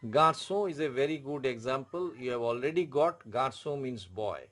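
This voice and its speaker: A man with an Indian English accent teaching a French lesson, explaining slowly and repeating words and spelled-out letters. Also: medium pitch, expressive, a bit bright. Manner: slow, repetitive, spells out letters. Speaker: French tutor. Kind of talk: classroom explanation.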